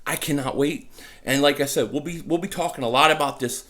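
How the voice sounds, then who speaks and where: A man talking casually about his football team from home, excitable and stumbling over his words as he repeats himself. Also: a little high, brisk. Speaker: sports vlogger. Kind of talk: casual fan commentary. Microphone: desk mic.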